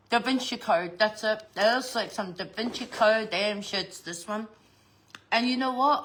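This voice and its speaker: A middle-aged woman vlogs through a casual unboxing, swearing freely and laughing a lot. Her voice is mid-range and a bit bright.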